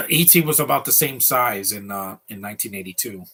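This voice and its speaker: A man's voice: fairly low pitch, animated, normal speed, sharp tone, husky. A man giving casual, opinionated live commentary while watching a movie, ranting freely.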